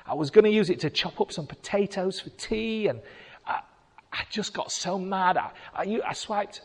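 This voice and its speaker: A male preacher voicing a remorseful man who stammers out a halting confession to God. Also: high voice, big-room sound, voice pushed up. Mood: pleading.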